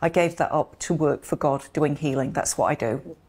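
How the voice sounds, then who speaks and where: Middle-aged woman from the UK, low voice, earnest interview guest telling her story. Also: normal speed, darkish tone, breathy edge. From United Kingdom. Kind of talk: interview, personal account.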